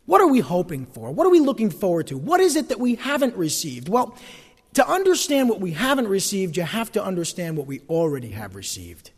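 A man preaching a sermon as pastor, animated, with folksy asides. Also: sits high, brisk, husky, big-room sound.

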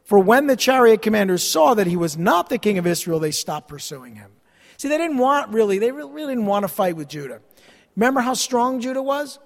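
A man's voice: high voice, big pitch swings, a little fast, gravelly. A man teaching a Bible study sermon, reading scripture aloud and adding sarcastic asides. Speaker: pastor. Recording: long hall reverb.

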